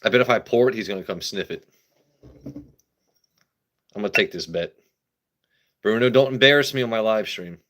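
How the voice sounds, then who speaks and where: A man's voice: on the low side, normal speed, long pauses, fairly bright tone, slight background noise. A man hosting a casual livestream, playfully talking to his pet and his chat viewers. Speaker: livestream host.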